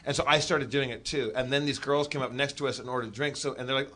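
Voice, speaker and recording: A man guest telling a comic story, animated and full of stammering restarts. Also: medium pitch, fast talker. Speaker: podcast guest.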